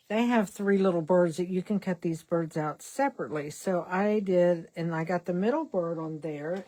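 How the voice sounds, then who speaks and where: With a fairly low, mellow voice, an older woman hosts a laid-back card-making vlog. She chats rambling on as she crafts, now and then making fun of herself.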